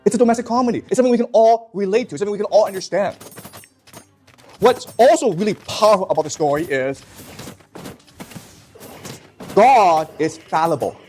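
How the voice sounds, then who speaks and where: High-voiced man lecturing a class. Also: expressive, fast, darkish tone, faint music behind. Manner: emphatic, keeps checking in with the class. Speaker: teacher.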